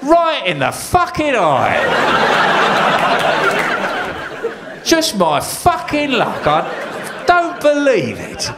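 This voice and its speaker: A man playing a furious wounded medieval king who rants and swears, recorded live over loud crowd laughter. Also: very high voice, wildly swooping pitch, takes it slowly, roomy sound, very noisy, pitched above the performer's own voice, exaggerated voice. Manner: shouting, raging.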